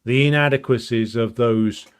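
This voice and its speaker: A man's voice: mid-range voice, fairly even intonation, normal speed, clear, resonant tone. Man explaining history off the cuff. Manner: thinks aloud with frequent ums and restarts; blunt, emphatic. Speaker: political commentator. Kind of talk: unscripted explanatory talk on political history.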